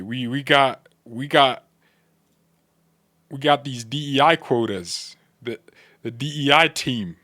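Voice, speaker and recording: A man hosting a football fan channel, chatting casually to his viewers with joking, slangy, animated reactions. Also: mid-range voice, dry recording. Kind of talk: casual commentary to chat.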